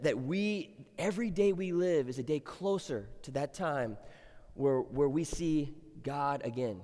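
A man's voice: a little high, measured pace, warm tone. A middle-aged man preaching a sermon as pastor, chatting with the congregation, then building to emphatic exhortation. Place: church sanctuary. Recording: long reverb of a church hall.

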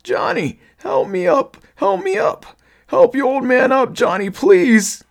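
A man voicing a creature that pretends to be an old, crippled father, begging in a high, raspy, strained whine. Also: sing-song, slow, exaggerated voice. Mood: pleading. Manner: high, strained, whining pleading. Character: creature mimicking an old bedridden father, pleading.

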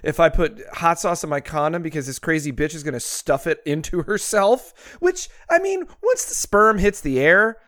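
A man co-hosting a podcast in casual banter, crude and quick to get outraged. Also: fairly high pitch, animated, sharp tone, no room sound, clean studio sound. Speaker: podcast co-host.

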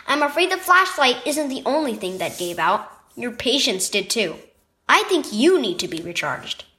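A woman voicing a patient father who gently teaches his sons, in a children's devotional story reading. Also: on the high side, very animated, moderate pace. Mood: instructive. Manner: gently instructive. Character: patient calm father of two boys.

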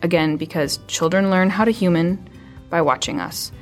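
A woman who is an early childhood mental health specialist gives parenting advice in a podcast interview. She talks conversationally and often drops into a hushed, soothing tone. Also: lowish voice, normal speed, faint music behind.

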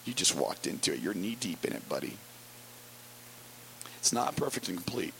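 A man preaching a conversational sermon as pastor, wry and storytelling with quick asides. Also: low-pitched, big pitch swings, vocal fry, a bit bright, slight background noise, low-quality recording.

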